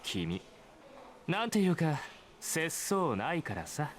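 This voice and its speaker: A man's voice: a little high, sing-song, slow, a little hiss or hum. Shinji, a sneering teen boy. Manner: condescending, needling. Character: sneering arrogant teenage schoolboy. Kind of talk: anime visual novel voice acting.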